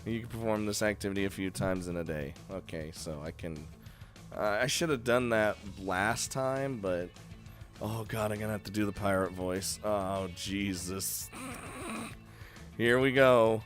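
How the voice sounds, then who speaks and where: A man's voice: low voice, moderate pace, faint music behind. A man giving casual game commentary with laughing, self-deprecating asides. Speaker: gaming commentator.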